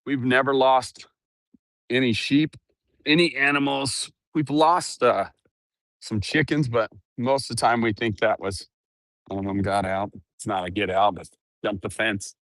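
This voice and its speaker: A man's voice: fairly even intonation, a little slow, a bit bright, no room sound, studio quality. Chatty man on earbuds mic outdoors. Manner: chatty, laughs often, talks to his dogs in a high coaxing voice. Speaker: vlogger on his ranch. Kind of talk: casual walk-around vlog. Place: outdoors on a ranch.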